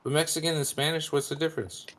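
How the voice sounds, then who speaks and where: A man as a podcast guest chatting casually, lively and quick with questions. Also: a little high, background noise. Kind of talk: casual chat.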